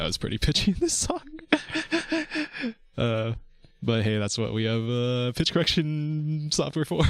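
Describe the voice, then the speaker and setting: A man's voice: on the low side, a bit bright, no room sound. A man streaming as a vtuber, chatting casually and rambling through restarts and swearing about voice technique. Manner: rambling, frequent restarts, swears, laughs between words. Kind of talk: casual chat.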